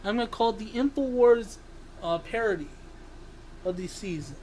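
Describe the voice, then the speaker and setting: Swearing, yelling sports ranter. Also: mid-range voice, animated, normal speed, a little hiss or hum, low-quality recording. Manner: ranting, swearing, bursts into yelling; self-interrupting, apologizes for yelling. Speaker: sports vlogger. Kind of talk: angry sports rant.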